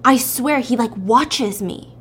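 A woman's voice: on the high side, slow, fairly bright tone, slight background noise. A woman voicing a fed-up, angry young woman who snaps her complaints in a story. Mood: irritated. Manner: irritated, snapping complaints.

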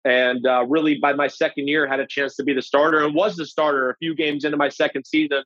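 A man in his forties, a former pro quarterback, casually telling a draft story with animated, profane energy. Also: fairly high pitch, fast, no room sound, highs cut off. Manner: animated, profane, acts out quoted voices. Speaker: former NFL quarterback, podcast guest.

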